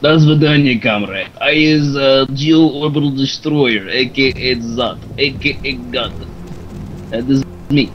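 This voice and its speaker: A man's voice: mid-range voice, very slow, long pauses, lo-fi sound, a little hiss or hum. A man putting on a crude, hammy impression of a boastful Kazakh comedy character. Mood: boasting. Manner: crude, hammy mock accent.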